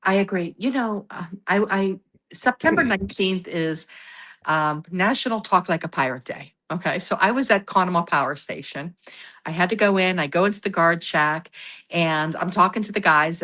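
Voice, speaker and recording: A woman with a bright, forceful voice tells stories on a podcast in an easy, chatty way. She gets animated, laughs often and slips into the voices of the people she quotes. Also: on the low side. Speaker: guest, paranormal investigator. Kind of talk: casual storytelling in conversation.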